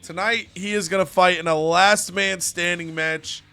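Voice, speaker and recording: A man's voice: high voice, steady tone, moderate pace, bright, forceful tone, clean tone, faint music behind. A man voicing a frazzled male wrestling manager who stammers nervously. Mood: flustered.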